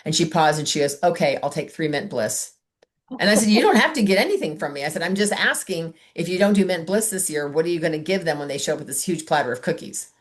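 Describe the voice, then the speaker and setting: Chatty low-voiced woman coaching sales. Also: expressive, fast talker. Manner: chatty, acts out customer dialogues. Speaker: sales team trainer. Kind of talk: casual training talk on a video call.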